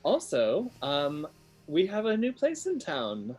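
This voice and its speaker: A woman player chatting in character during a tabletop game. Her voice is low yet animated, with a warm, rambling rhythm full of small hesitations. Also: slow, breathy edge, faint music behind. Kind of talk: in-character roleplay.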